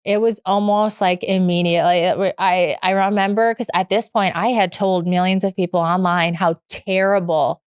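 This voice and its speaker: A woman's voice: on the low side, fairly even intonation, normal speed, few pauses, clear, resonant tone, no room sound, clean studio sound. A woman in her thirties telling her own story as a podcast guest, open and frank, rambling with restarts. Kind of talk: candid personal story in conversation.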